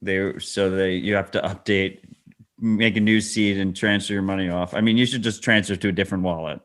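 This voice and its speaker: A man's voice: sits low, steady tone, fairly quick, a bit bright. A man co-hosting a podcast in casual chat, wry and matter-of-fact with casual swearing. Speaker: podcast co-host.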